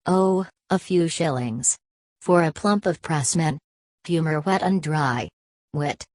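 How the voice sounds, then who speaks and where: A woman narrating a literary audiobook in a measured, steady reading style. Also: low-pitched, no room sound.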